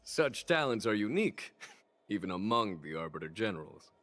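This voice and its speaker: A man's voice: lowish voice, big pitch swings, moderate pace, a bit bright. An actor playing a friendly, courteous general in a video game who chuckles as he talks. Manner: cordial, chuckles often. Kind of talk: game voice acting.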